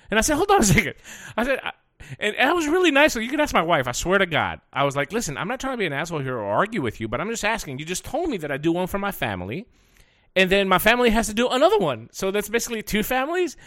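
Animated, swearing male podcast host. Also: medium pitch, no room sound, clean studio sound. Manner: animated, profane, gets heated retelling a complaint. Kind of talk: casual storytelling. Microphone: podcast mic.

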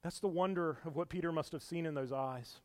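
A pastor with a high voice preaches a little fast in a church, shifting between an earnest hush and loud emphasis. He sometimes stumbles and repeats words, slipping in small laughs, as a long echo rolls through the large hall.

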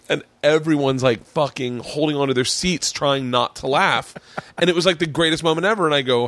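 A man hosting a podcast, a comedian telling stories in casual chat with animated quoted voices. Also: medium pitch, fast talker, no echo.

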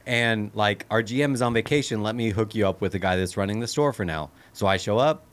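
A man with a low voice talks in a casual chat. He tells his story plainly and drily, with plenty of swearing. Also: fast.

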